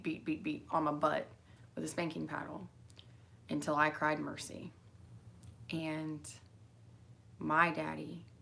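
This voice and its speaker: This young mother, sounding tired, rambles straight at her daughter with many fillers and restarts in the middle of sentences. Her voice is low-pitched, gravelly, and a bit bright.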